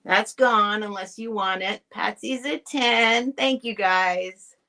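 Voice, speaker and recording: Slow and medium-pitched, her voice comes across pushed and bright as she hosts a home live stream selling vintage items. The chat is casual and directed at viewers, full of rambling and restarts.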